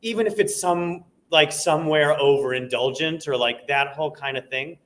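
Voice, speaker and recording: A young man in casual conversation about doing impressions, animated and quick to laugh, slipping into bits of voices. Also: a little high. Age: young adult. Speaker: impersonator guest. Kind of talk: casual chat.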